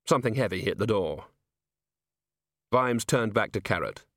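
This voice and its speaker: A man reading a comic novel as an audiobook in wry, expressive storytelling narration. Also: on the low side, moderate pace, dry recording, clean studio sound.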